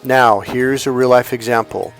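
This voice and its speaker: With soft music in the background, a man speaks steadily at normal speed in a medium-pitched voice. His motivational monologue coaches listeners on dating and relationships, bluntly and profanely, through stories with acted-out quotes.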